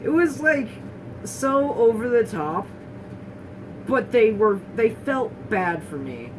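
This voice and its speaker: A woman's voice: fairly high pitch, sing-song, slow pace, distant mic. A young woman speaking casually and candidly, with a wry manner, who often restarts and mimics other people mid-sentence. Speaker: guest sharing her experience. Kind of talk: casual talking-head chat. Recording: voice a bit off-mic with clear room noise.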